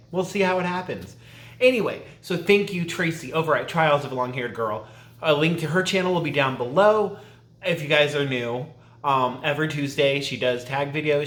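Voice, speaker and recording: A man's voice: a little high, a bit bright, reverberant. A man vlogging casually at home, rambling and stopping himself mid-thought, with a laugh never far off. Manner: rambling, self-interrupting, laughs often. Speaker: YouTube vlogger. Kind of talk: casual chatty tag video.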